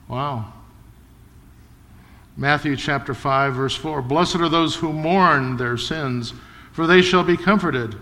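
Bright-voiced male preacher in a reverberant hall. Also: on the high side. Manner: earnest preaching, slows and lifts voice for scripture. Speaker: pastor. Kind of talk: sermon.

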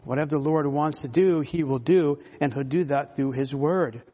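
A man's voice: a little high, mellow. Man preaching in a reverberant hall. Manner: teaching, slows down to stress key words. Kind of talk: expository sermon.

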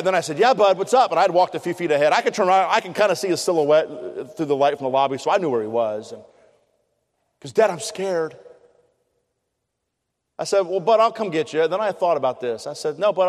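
A man's voice: on the high side, a little mellow. A middle-aged man preaching a sermon, telling a story in an earnest, conversational way. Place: chapel. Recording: long hall reverb.

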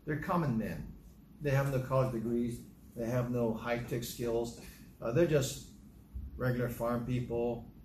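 A man's voice: medium pitch, fairly even intonation, measured pace, darkish tone, slight background noise. A man giving a sermon, reading scripture aloud and retelling it in a plain, conversational storytelling way. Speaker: preacher. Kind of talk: sermon teaching through a psalm. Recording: echoey room.

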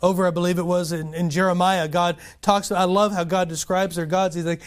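Earnest man preaching, slightly high voice. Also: a little fast. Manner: earnest and animated, frequent restarts, asks the room questions. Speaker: pastor. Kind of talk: sermon with questions to the congregation.

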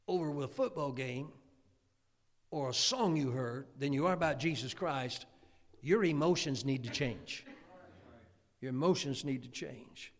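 Folksy preacher man in a reverberant church. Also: a little high. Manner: folksy, animated preaching with acted quotes. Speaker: pastor. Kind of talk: sermon. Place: church sanctuary.

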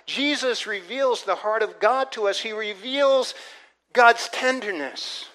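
A man's voice: very high-pitched, slow pace, fairly bright tone. A man preaching a sermon, earnest, repeating himself and building to emphatic points. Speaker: pastor.

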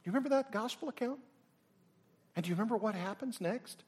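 A middle-aged man preaching a sermon, swinging from loud exclamations down to near whispers. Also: sits high, fast, husky. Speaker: pastor.

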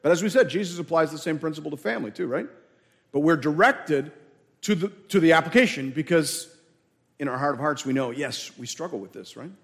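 A man's voice: fairly high pitch, lively intonation, brisk, creaky. A man preaching a sermon as pastor, emphatic, repeating key words and asking the congregation questions. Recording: long hall reverb.

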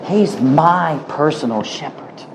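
A male pastor preaching a sermon, telling a story in a hushed voice and then building to emphatic questions and prayer. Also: on the high side, lively intonation, takes it slowly, background noise. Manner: emphatic, swings from hushed storytelling to rising exhortation.

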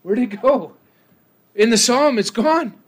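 Taking his time, a man delivers a church sermon, dropping to hushed, low lines and then rising into loud, impassioned outbursts.

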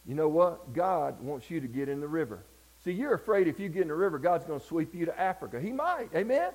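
A man from Georgia with a Southern accent, preaching a sermon and telling stories, often calling out for an amen and moving between loud passages and hushed ones. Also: on the high side, very animated, brisk, poor audio. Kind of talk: sermon with storytelling.

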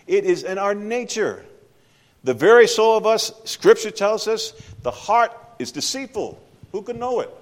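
Preacher guy in church, kinda high voice, swoops up and down a lot, big echoey hall. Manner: conversational, emphatic, asks the audience questions. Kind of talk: sermon. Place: church sanctuary. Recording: long hall reverb.

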